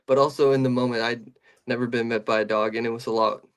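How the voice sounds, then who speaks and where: A man's voice: mid-range voice, steady tone, fast talker, clear, resonant tone. A young man in casual podcast chat, telling a long story with many restarts and fillers.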